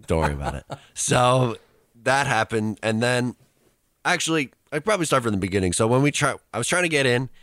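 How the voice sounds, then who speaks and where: A man's voice: medium pitch, sing-song, a little fast, fairly bright tone, no echo, studio quality. A young man co-hosting a casual chat, rambling through an anecdote and laughing as he tells it. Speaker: co-host, student radio reporter.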